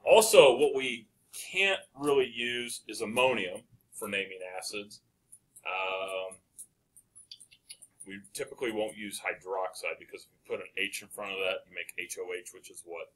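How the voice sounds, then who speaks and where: A man teaching a chemistry lecture, asking the class questions and answering them with quick encouragement. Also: fairly low pitch, fairly bright tone.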